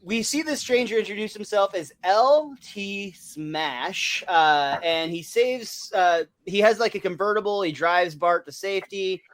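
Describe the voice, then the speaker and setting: A man co-hosting a relaxed podcast, recapping a cartoon episode. His voice sits a little high, and he talks loosely with plenty of fillers and easy laughter. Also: unhurried, few pauses. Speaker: podcast co-host. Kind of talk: casual chat recapping an episode.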